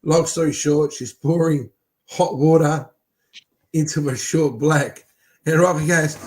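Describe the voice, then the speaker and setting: A man co-hosting a casual podcast, telling a story in a relaxed way. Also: on the high side, a little slow. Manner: relaxed anecdote telling, laughs mid-story. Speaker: podcast co-host.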